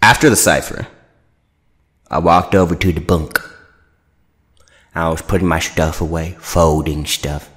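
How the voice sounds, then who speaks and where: A man's voice: a bass voice, unhurried, pauses often, fairly bright tone. A young man hosting a podcast, telling a rambling, profane story and acting out the voices of people he quotes. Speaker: podcast host. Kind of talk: casual storytelling rant.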